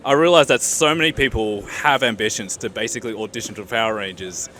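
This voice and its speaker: A man's voice: on the low side, quick pace, bright, forceful tone. A man with an Australian accent interviewing an actor, eager and chatty with rambling asides. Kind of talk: casual interview questions.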